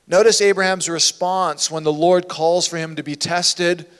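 A man preaching a sermon as a pastor, with impassioned delivery that swings from hushed to loud. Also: sits high, fairly even intonation, moderate pace, clear, resonant tone. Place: church sanctuary. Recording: long hall reverb in a church.

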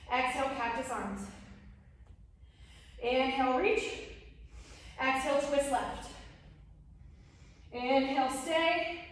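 A woman teaching a live yoga class, cueing each move in brief phrases timed to the breath while she does the moves herself and ends up out of breath. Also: sits high. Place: home room, livestreamed class. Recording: echoey room, voice from far off.

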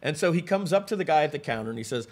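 A man presenting a live webinar, telling stories with lively asides to the audience and frequent restarts. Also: fairly high pitch, very fast.

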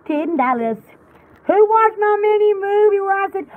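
Excitable high-voiced woman live-streaming. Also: moderate pace, narrow, tinny audio. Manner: excitable, rambling, giggly. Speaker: live-stream jewelry party host. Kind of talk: casual live-stream chat.

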